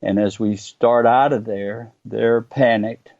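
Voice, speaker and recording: Gravelly low-voiced man telling his story. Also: fairly even intonation, slow pace, a little mellow, no room sound, dull audio. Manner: earnest, vivid storytelling with hesitations. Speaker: guest. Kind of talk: recounting a personal experience.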